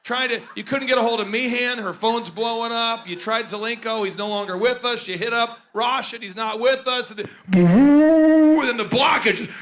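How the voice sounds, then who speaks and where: A man hosting a conference, joking and rambling in animated comedic stage banter. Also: very high-pitched, moderate pace, few pauses. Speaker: conference host.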